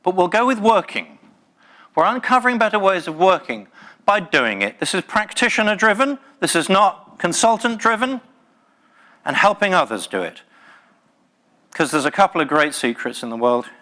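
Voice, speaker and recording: Bright, passionate male conference speaker. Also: sits high, very animated, normal speed. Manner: passionate, emphatic, jokey. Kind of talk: live tech conference talk. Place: conference session room.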